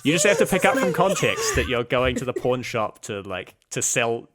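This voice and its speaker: A man's voice: medium pitch, sing-song, moderate pace, heavy background noise. A man with a New Zealand accent co-hosting a podcast in casual chat, stammering through restarts. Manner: stammering restarts, laughs at his own stories. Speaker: podcast co-host.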